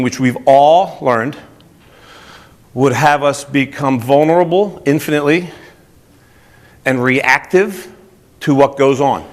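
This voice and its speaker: Lively New Jersey man giving a talk. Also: medium pitch. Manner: energetic, asks the audience questions. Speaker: speaker. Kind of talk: motivational talk to a group.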